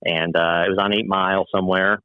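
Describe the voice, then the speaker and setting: A man from New Jersey and New York City, a guest musician telling animated stories in casual chat and swearing freely. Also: deep voice, quick pace, clear, resonant tone, no echo, phone-quality sound. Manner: animated storyteller, acts out quoted voices, swears freely.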